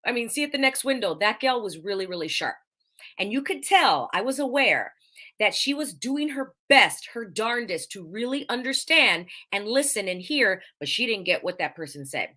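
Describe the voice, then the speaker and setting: A woman hosts a casual live-stream monologue, her bright, forward voice leaping up and down in pitch as she tells a story. She repeats key points for emphasis, slips into the voices of the people she quotes, and keeps her diction careful and clear. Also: sing-song, moderate pace. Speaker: host of a live podcast show.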